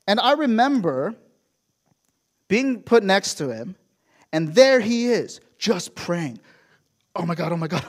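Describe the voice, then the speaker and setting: A man preaching a sermon in a storytelling way, acting out quotes and asking rhetorical questions. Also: high voice. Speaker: pastor.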